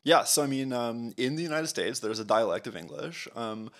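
A man's voice: mid-range voice, animated, moderate pace, fairly bright tone. Man co-hosting a chatty podcast. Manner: thoughtful, explanatory, hedging with fillers. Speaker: podcast co-host. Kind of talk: casual podcast discussion.

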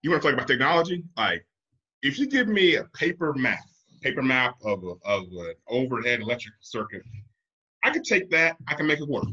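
A man's voice: mid-range voice, sing-song, fairly quick, bright, forceful tone, breathy edge. A man in his thirties, a podcast guest, telling rambling, hesitant stories in casual chat. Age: 30s. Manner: rambling, hesitant storytelling with filler. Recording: dull lo-fi audio.

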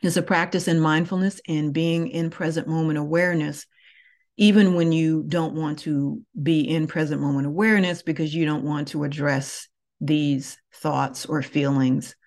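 A woman who teaches yoga, talking through her thoughts slowly and reflectively, with many pauses. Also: deep voice, steady tone, a little mellow. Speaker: yoga teacher and podcast host. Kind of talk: reflective solo podcast talk.

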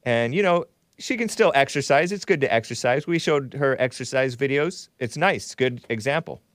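A man's voice: mid-range voice, animated, moderate pace, fairly bright tone, no room sound, studio quality. A man from Southern California hosting a talk show, reading viewer messages aloud with wry, sardonic asides.

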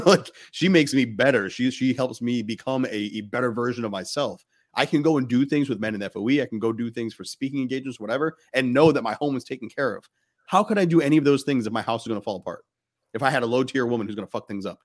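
A man's voice: medium pitch, expressive, fast talker. A man hosting a podcast, talking bluntly and emphatically in casual conversation, with frequent swearing. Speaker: podcast host.

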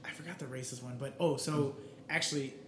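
A man co-hosting a casual podcast chat. He talks in an animated way, laughs often and acts out quotes loudly. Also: medium pitch, brisk, echoey room, a little hiss or hum. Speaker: podcast co-host.

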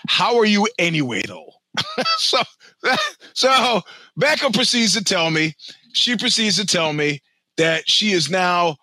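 A man's voice: sits high, sing-song, measured pace, bright, forceful tone, no echo. A man around sixty, a podcast host, telling a long personal story in a rambling, profane, self-mocking way.

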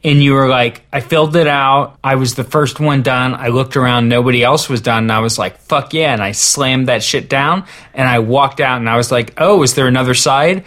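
A man's voice: medium pitch, fairly even intonation, normal speed, hardly any pauses, a bit bright. A man co-hosting a podcast, chatting casually with a dry, joking delivery. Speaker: podcast co-host.

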